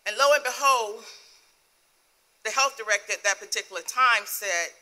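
Middle-aged woman minister, earnest and emotional in sermon testimony, breaks into soft laughs. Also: fairly high pitch, normal speed. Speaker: guest minister.

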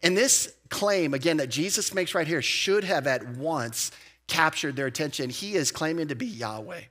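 A man preaching a verse-by-verse sermon as a pastor, conversational with animated emphasis, asides and quick restarts. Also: fairly high pitch. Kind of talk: expository sermon. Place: church.

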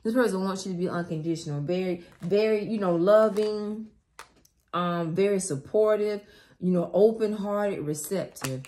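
A woman giving a tarot reading who acts out the other person's side in a dramatic, slangy, animated way, with shrieks of excitement. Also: mid-range voice, normal speed. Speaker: tarot reader. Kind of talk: tarot reading acting out the querent's partner.

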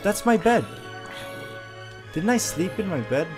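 A man doing excitable let's play commentary, yelping when startled. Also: high-pitched, measured pace, over music. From Sweden. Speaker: gameplay commentator.

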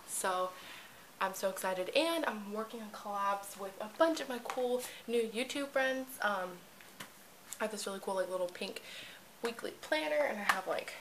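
A teenage girl vlogging casually at home, excitable and gushing, with lots of fillers, recorded on a camera mic. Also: mid-range voice, a little hiss or hum, poor audio. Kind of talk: casual vlog chat. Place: at home indoors.

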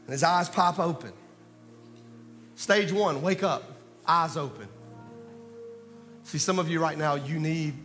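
Man, preaching, high voice, long church-hall reverb. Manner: animated preaching, swings from loud calls to low asides. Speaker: pastor. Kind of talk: sermon.

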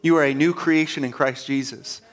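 A man's voice: a little high, fairly even intonation, moderate pace. A man preaching a sermon as pastor, earnest and conversational, often repeating words as he restarts.

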